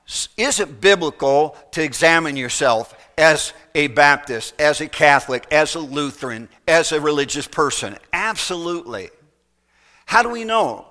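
A man preaching a sermon, leaning on folksy illustrations and emphatic pauses. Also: a little high, bright, forceful tone.

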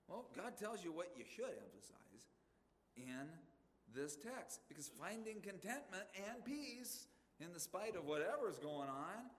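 Middle-aged male pastor, folksy sermon, lively swinging pitch, reverberant church hall. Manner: folksy, conversational, addresses congregation directly. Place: church sanctuary.

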